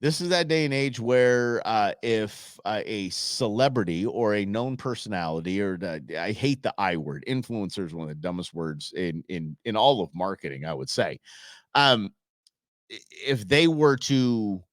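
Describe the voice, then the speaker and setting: A man's voice: lowish voice, lively intonation, moderate pace, no echo, clean studio sound. A middle-aged man hosting a show, telling stories in a rambling, casual way with many restarts. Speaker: show host. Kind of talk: casual podcast monologue.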